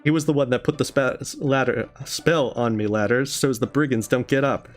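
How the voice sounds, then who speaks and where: A man's voice: mid-range voice, lively intonation, a little fast, faint music behind, close to an everyday voice. A man reading the lines of a friendly, rambling old male hermit in his own plain voice, with no accent put on.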